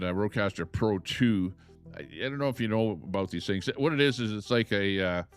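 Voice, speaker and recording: Middle-aged man, casual live host; rambling, ranty delivery, low-ish voice. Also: fairly bright tone. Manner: rambling, ranting, full of filler words. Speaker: livestream host. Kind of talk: casual live-stream talk. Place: lakeside home, Alberta.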